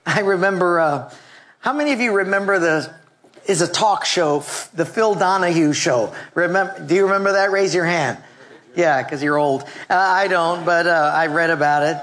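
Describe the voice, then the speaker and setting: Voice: medium pitch, moderate pace, a bit bright, slight background noise. A pastor preaching a humorous sermon to a live congregation, telling funny stories and drawing call-and-response from the crowd. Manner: humorous storyteller, jokes with the congregation; leads call-and-response with the audience.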